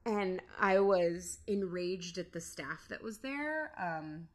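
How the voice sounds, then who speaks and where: A woman's voice: fairly low pitch, slow. Candid, reflective woman podcast guest. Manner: reflective and candid, with hesitant restarts. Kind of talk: candid interview conversation. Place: in-person studio interview.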